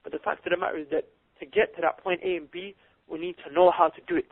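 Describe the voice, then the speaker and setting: A man's voice: sits high, steady tone, fast talker. A man giving a fired-up, emphatic motivational religious talk over a webinar. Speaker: guest speaker. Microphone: webinar audio. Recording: tinny phone-like webinar line.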